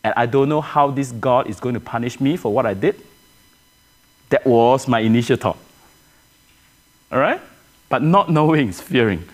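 A man's voice: medium pitch, lively intonation, normal speed, long pauses. A man preaching a sermon to his church, earnest, often restarting phrases and asking the congregation questions. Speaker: pastor.

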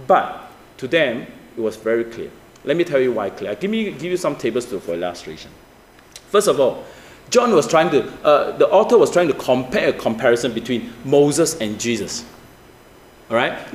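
A male pastor, preaching with animated swings from high emphatic peaks to low asides, asking the congregation rhetorical questions. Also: moderate pace. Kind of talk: sermon. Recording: echoey church room with faint ambience.

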